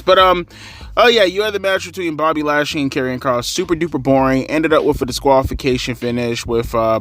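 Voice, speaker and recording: A man's voice: mid-range voice, fairly bright tone. A man giving a casual, rambling wrestling recap, sarcastic and swearing freely. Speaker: wrestling commentary vlogger.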